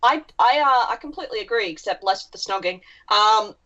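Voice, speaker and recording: A chatty woman co-hosts a casual podcast, telling stories and swearing as she goes. Her pitch sits in the middle range. The sound is a little dull and lo-fi. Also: lively intonation, brisk, pushed and bright. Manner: chatty storyteller, swears freely. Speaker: podcast co-host.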